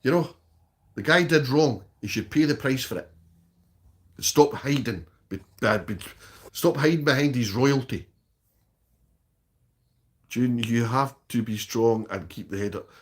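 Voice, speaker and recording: A Scottish man talking casually on a live stream, answering viewers' comments one after another. He speaks bluntly, swears freely and ends many of his sentences with "okay?". His voice sits at an ordinary middle pitch for a man. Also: a little slow, pauses often.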